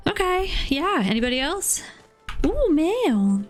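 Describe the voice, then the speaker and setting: A woman's voice: extremely high pitch, very animated, takes it slowly, soft background music. A woman streamer chatting casually and offhandedly while playing a cozy game. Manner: chatty, giggly, swears offhandedly. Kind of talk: casual gameplay commentary.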